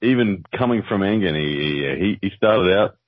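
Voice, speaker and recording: An Australian man co-hosting a podcast, thinking aloud in a halting way with repeated words. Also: deep voice, animated, no echo. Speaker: podcast co-host. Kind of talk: casual podcast chat. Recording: tinny dry phone-like line.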